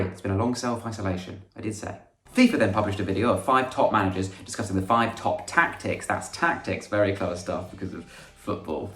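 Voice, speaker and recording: A man's voice: on the low side, recorded from a distance. A young man hosting a scripted comic monologue, with a dry, sarcastic delivery and sudden mock-dramatic outbursts. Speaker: comedian host. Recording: echoey room with faint music.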